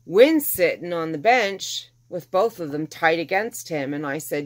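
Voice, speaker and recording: A woman's voice: low voice, moderate pace, few pauses. A middle-aged woman telling a personal story casually, animatedly acting out the people she quotes. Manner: animated, acts out quoted dialogue with exasperation.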